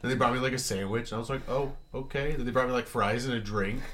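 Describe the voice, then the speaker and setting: A man's voice: mid-range voice, fairly even intonation, rapid-fire, fairly bright tone, slight background noise. A young man chatting casually, rambling with lots of fillers. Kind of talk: casual chat.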